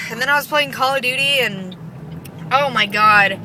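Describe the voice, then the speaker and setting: A woman's voice: a little high, moderate pace, background noise. A young woman vlogger ranting casually, profane, sarcastic and exasperated. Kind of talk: casual rant.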